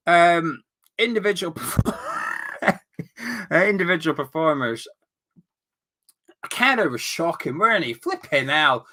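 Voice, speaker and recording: A young man hosts a football fan chat, plainly worked up and exasperated. His voice is bright and sits a little high, and it swings widely as he rants. He turns sarcastic now and then. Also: big pitch swings, slow pace, gravelly, long pauses. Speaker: fan channel host. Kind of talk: heated football fan commentary.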